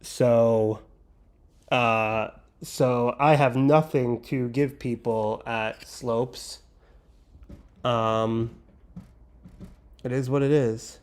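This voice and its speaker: A man's voice: mid-range voice, steady tone, extremely slow, pauses often. A man hosting a livestream, chatting casually and joking while he builds. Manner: rambling, joking, talks while handling pieces. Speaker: livestream host.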